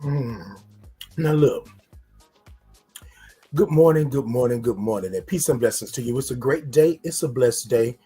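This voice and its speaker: A man's voice: medium pitch, animated, measured pace, long pauses, warm tone, breathy edge, soft background music. A man hosting a casual morning livestream, upbeat, greeting viewers in the chat by name. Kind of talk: casual live-stream talk to viewers.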